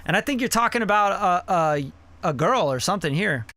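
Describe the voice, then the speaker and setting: A man's voice: high voice, lively intonation, brisk, sharp tone, no echo. A man hosting a live song review, giving blunt, profane mixing feedback in a casual, rambling way. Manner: blunt and profane, with many fillers like "you know".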